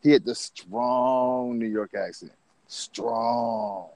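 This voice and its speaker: A man chatting casually about rap, laid-back and slangy, swearing freely as he tells stories. His voice sits at a medium pitch and is recorded close and dry, with no room sound around it. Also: extremely slow, a little mellow, dry recording.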